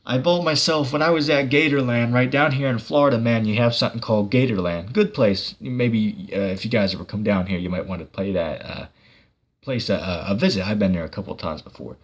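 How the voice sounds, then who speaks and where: Man, low voice, slightly husky, casual rambling livestream host, lots of fillers. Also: a little fast, lo-fi sound. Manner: rambling, filler-heavy, many restarts. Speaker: channel host reading viewer comments. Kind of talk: casual livestream talk on scripture.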